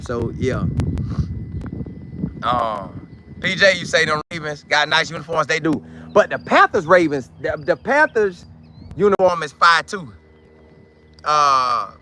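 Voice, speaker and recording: A man from hosts a sports livestream, calling out commenters by name in easygoing slang. His voice sits high for a man and cuts through with a very bright, sharp edge. A faint hiss of noise runs underneath. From Polk County, Florida. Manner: loose, slangy, talks back to chat by name. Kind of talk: casual live chat, reading viewer comments.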